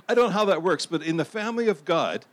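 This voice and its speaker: A middle-aged pastor preaching a sermon in a conversational way, asking the audience questions and repeating phrases for emphasis. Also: male voice, high voice, animated, quick pace, dry recording.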